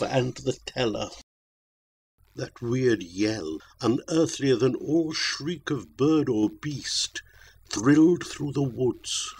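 A man reading a narrative poem aloud as an audiobook narrator, slow and measured. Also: medium pitch, slightly rough. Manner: slow, measured, dramatic recitation.

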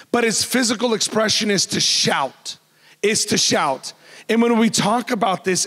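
Loud, animated pastor in a church hall. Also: male voice, sits high. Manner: loud, animated, joking with the congregation. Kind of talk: sermon.

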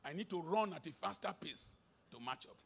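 Delivering a forceful sermon, this middle-aged Nigerian preacher alternates loud outbursts with quiet asides and drifts into Pidgin, all in a Nigerian accent. He speaks a little fast, with lively intonation and a creaky, husky texture.

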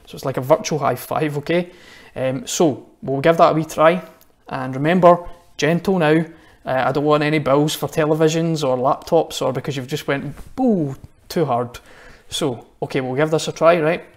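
A man's voice: on the high side, fairly even intonation, moderate pace. A Scottish man talks straight to children watching at home. His children's address is chatty and friendly, full of little asides and questions. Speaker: church minister. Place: church, online service.

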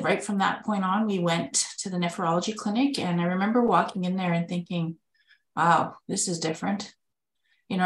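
A woman's voice: fairly low pitch, reverberant, poor audio. A woman telling a candid personal story in a conversational way, acting out the dialogue she quotes. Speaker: spouse of a kidney patient, webinar speaker.

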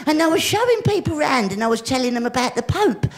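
A woman's voice: sits high, sing-song, fast. A woman performing a live stand-up comedy routine, cheeky and rambling, talking straight to the audience. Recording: echoey live room with crowd laughter and noise. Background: audience laughter.

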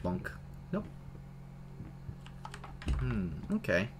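A man giving casual, animated commentary while playing a horror game, exclaiming and chatting to his viewers. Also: lowish voice, very slow, background noise. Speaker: let's play gamer.

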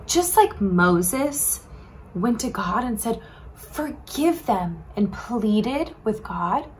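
A woman's voice: mid-range voice, slow pace, a little hiss or hum. A woman teaching a children's sermon, telling a Bible story casually and asking the kids questions. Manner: animated, asks children questions; casual, says "like" often.

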